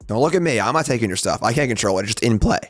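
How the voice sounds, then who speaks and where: A man's voice: medium pitch, lively intonation, rapid-fire, dry recording, faint music behind. A man chatting and joking while playing a tabletop card game, talking through his moves. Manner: joking, chatty, describes plays aloud. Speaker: guest player. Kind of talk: casual tabletop game chat.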